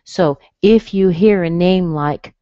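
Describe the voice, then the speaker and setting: A low-pitched American woman leads a live online pronunciation class, explaining patiently and stretching out each sound she demonstrates. Her voice comes through a dry, slightly dull lo-fi webinar recording. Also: takes it slowly, dark tone, clean tone, dry recording. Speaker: pronunciation teacher.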